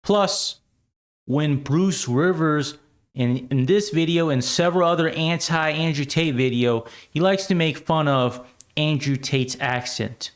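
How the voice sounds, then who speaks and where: A man's voice: on the high side, a little slow. An American man hosting an opinionated commentary show, talking emphatically with rhetorical asides.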